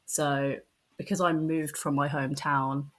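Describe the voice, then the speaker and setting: A woman's voice: sits low, little pitch movement, unhurried. A woman in her twenties with an English accent, a friendly podcast guest who laughs easily. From England. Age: 20s. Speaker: guest wrestling fan. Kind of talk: casual interview.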